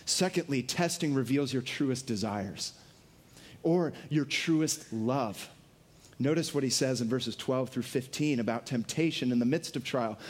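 A man preaching a sermon, lively and earnest, dropping his voice low for emphasis and acting out quotes. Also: unhurried. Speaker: pastor.

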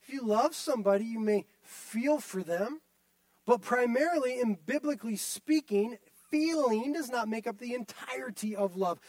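A man's voice: extremely high pitch, lively intonation, moderate pace, a little mellow, no room sound. A male pastor delivering a sermon, emphatic and repetitive, often turning to the listeners directly.

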